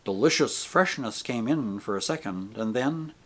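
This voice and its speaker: A man narrating an audiobook in an expressive, animated way. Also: lowish voice, moderate pace.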